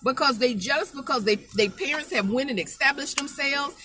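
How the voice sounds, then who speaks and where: A woman's voice: high voice, a little fast, sharp tone, soft background music. A woman preaching an informal spoken sermon, emphatic and folksy, repeating her phrases to drive the point home.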